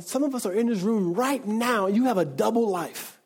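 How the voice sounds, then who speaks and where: High-voiced man preaching conversationally. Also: moderate pace, husky. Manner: conversational preaching, frequent restarts and "right?" asides. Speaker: pastor. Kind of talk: sermon.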